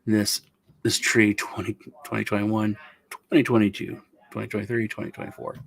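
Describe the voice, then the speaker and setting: A man's voice: lowish voice, flat delivery, normal speed, gravelly. A middle-aged man hosting a casual meme review, rambling and joking as he tells stories. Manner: rambling, joking, self-interrupting. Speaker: host.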